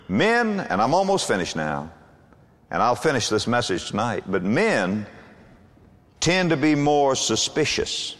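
An older man preaches with swooping, emphatic cadence and dramatic pauses. His voice sits a little high and ranges widely up and down. Long reverb trails each phrase, as if he stands in a large church. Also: a bit bright. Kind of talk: sermon.

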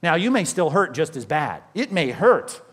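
A man, a pastor, preaching a sermon in a conversational way, asking the congregation questions and slowing down to stress scripture. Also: a little high, big pitch swings, a bit bright, slightly rough.

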